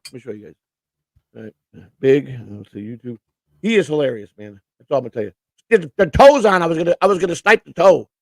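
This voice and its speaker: Man, stream host, gravelly, dry close sound, rambling, stammering restarts. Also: fairly high pitch, lively intonation, fast talker, dry recording. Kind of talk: casual live-stream chat. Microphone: computer setup with earphones.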